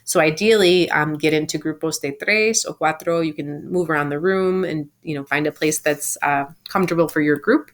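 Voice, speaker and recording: A woman teacher giving a recorded lesson from home, explaining patiently and saying example phrases slowly and clearly. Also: low voice. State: home sick. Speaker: Spanish teacher.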